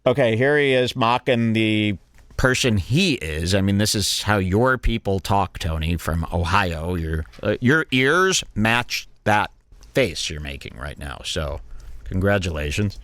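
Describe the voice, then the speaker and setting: Podcast host guy, sarcastic, pitch jumps all over, dry close mic. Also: unhurried, no echo. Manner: sarcastic, animated. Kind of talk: mocking commentary on a clip.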